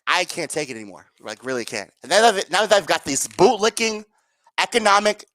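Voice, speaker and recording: A woman rants through a solo political commentary livestream, sarcastic and profane. Her pitch swings in lively arcs. She keeps throwing rhetorical questions at her viewers, and the sound is dry and close. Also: no room sound.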